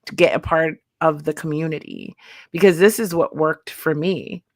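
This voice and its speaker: A woman hosting a veterans' podcast, warm in her affirmations and sharing her own past. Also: deep voice, normal speed, no room sound, studio quality. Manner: encouraging, affirming. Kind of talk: interview podcast.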